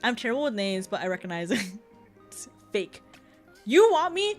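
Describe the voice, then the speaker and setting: A woman's voice: a little high, big pitch swings, moderate pace, faint music behind. A young woman streaming, chatting casually with her chat, laughing often and tripping over restarts. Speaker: VTuber streamer.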